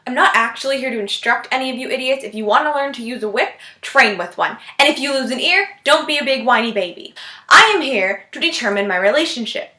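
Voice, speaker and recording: A woman's voice: sits high, lively intonation, quick pace, pushed and bright, reverberant. A woman playing a fierce, haughty young female demon hunter in a homemade scene, with a threatening manner.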